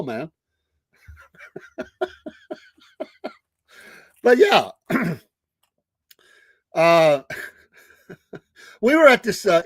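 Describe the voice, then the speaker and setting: Man, middle-aged, chatty host, high voice, dry close sound. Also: a bit bright, no room sound. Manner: chatty, laughs often. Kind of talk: casual storytelling livestream.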